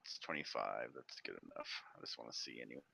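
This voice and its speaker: A man's voice: extremely low pitch, animated, quick pace, vocal fry, pushed and bright, husky. A man playing a cleric in a tabletop game, chatty and playful as he explains his moves. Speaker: player, cleric. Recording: muffled lo-fi mic.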